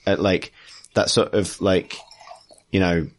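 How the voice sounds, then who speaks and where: A British man with a low voice hosts a casual gaming podcast. He talks in a relaxed, easygoing way and drops in dry one-liners. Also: takes it slowly, a little hiss or hum. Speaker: podcast host. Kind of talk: casual chat.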